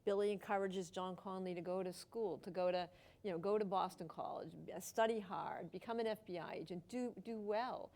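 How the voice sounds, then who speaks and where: A woman's voice: medium pitch, fairly even intonation, a little mellow. Woman explaining at a book talk. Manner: measured, explanatory, some stumbles. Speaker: author and journalist.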